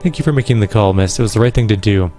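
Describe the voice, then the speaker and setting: A man doing a calm, polite police lieutenant. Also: fairly low pitch, faint music behind, close to an everyday voice. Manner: quiet, measured and courteous.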